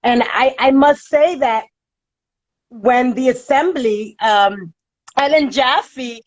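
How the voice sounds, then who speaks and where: A woman guest answers in a casual interview, earnest and measured as she talks. Her voice is a little higher than most women's. It is recorded close and dry. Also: no echo, highs cut off.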